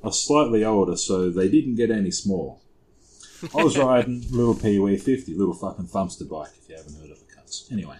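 A young Australian man with a lowish voice tells stories in loose, profane podcast chat. He is relaxed, rambles through anecdotes and curses freely as he goes. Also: brisk, slight background noise, poor audio. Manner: sweary, laid-back storyteller. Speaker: podcast co-host. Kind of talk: casual storytelling chat.

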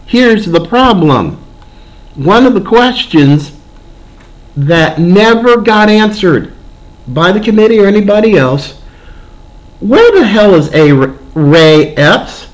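A man's voice: high-pitched, expressive, slow, poor audio. A man hosting a political commentary show, talking in an indignant, sarcastic monologue. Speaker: podcast host.

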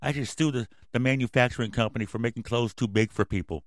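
A man hosting a podcast, ranting angrily and yelling, with constant swearing. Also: medium pitch, quick pace, no room sound, studio quality. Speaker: podcast host. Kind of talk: profane ranting commentary.

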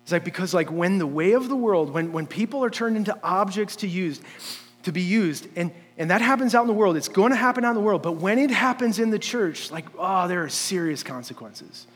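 A man's voice: high voice, animated, a little fast, fairly bright tone, in a large hall. A man preaching a sermon in a church, talking conversationally with many fillers and restarts, and building up to emphatic points. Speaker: pastor. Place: church sanctuary.

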